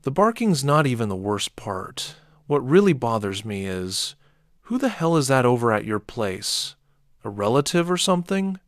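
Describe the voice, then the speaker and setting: A man's voice: mid-range voice, big pitch swings, normal speed, no echo, clean studio sound, lightly acted. A man voicing a blunt, nosy neighbor man who complains and demands answers. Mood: complaining.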